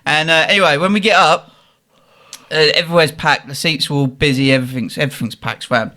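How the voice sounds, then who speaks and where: Male podcast host, slightly high voice, animated storyteller doing voices. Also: quick pace. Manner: animated, acts out quotes in voices. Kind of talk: casual storytelling chat.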